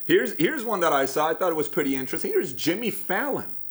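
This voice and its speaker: A man's voice: fairly high pitch, sing-song, quick pace. A man from Iran with an Iranian accent, hosting a motivational talk and telling stories directly to the viewer with pointed questions. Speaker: host.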